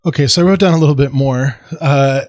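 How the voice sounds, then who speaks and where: American man, history lecture, casual and digressive, self-deprecating asides, medium pitch. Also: fairly quick, a little mellow. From United States.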